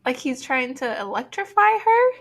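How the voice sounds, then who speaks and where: Woman co-host with a slightly high voice. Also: sing-song, moderate pace, vocal fry. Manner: incredulous, asks questions. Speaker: podcast co-host. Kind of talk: casual chat.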